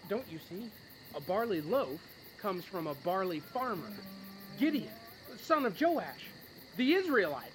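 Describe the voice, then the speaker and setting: A spooked soldier reading doom into a dream, voice swings around, faint noise. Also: male voice, high-pitched, very animated, unhurried, poor audio. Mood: foreboding. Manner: foreboding, rising alarm. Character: ominous enemy soldier interpreting a dream. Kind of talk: animated Bible story voice acting.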